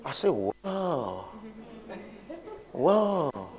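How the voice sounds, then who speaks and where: A man's voice: fairly high pitch, big pitch swings, extremely slow, darkish tone. A man preaching a sermon as pastor, leading the congregation in call-and-response declarations.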